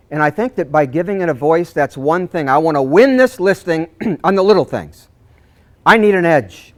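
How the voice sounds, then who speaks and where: A man giving a live seminar to real estate agents, acting out conversations with clients and clearing his throat often. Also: a little high. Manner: animated, acts out client dialogues, frequent throat clearing. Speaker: real estate sales trainer.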